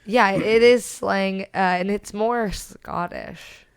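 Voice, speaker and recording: A woman's voice: mid-range voice, slow, clean tone. A woman co-hosting a book podcast in casual chat, talking in a loose, rambling way. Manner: chatty, trails off and restarts. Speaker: podcast co-host.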